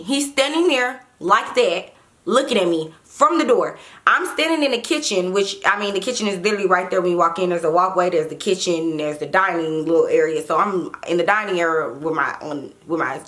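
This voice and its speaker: Animated woman telling a story. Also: lowish voice, fairly quick. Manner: animated, profane, talks straight to viewers. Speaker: storytime vlogger. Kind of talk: casual storytelling to viewers.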